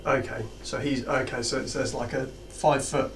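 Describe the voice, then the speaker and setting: A man plays a tabletop game, working out his moves aloud and restarting his sentences. He sits away from the mic, and the room rings around him. His pitch is middling. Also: steady tone, normal speed, slight background noise. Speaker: player. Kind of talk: tabletop game play, casual. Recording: roomy, distant mic.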